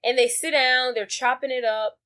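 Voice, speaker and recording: A woman co-host chatting through a movie recap on a podcast. Her voice sits a touch high, and she tells it in a loose, profane, animated way. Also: normal speed. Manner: slangy, profane, animated retelling. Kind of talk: casual movie recap chat.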